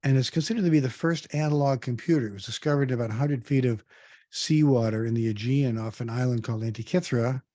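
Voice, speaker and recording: Warm, conversational older male speaker. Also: medium pitch, fast, dry recording, clean studio sound. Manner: conversational, quizzes the audience, frequent ums. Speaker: guest speaker. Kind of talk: online presentation.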